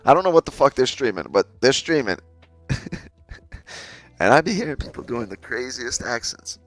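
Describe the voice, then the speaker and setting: A man hosts a live day-trading stream, his mid-range, fairly bright voice moving at a moderate pace with big pitch swings. He chats casually with viewers, laughs a lot and swears freely, with faint music in the background.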